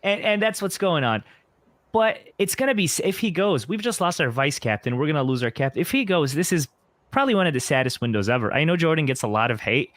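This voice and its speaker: A man's voice: fairly high pitch, lively intonation, fast, fairly bright tone. An opinionated man giving his views in a casual football chat. His delivery is emphatic. The sound is dry and close, with no room echo. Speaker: podcast co-host.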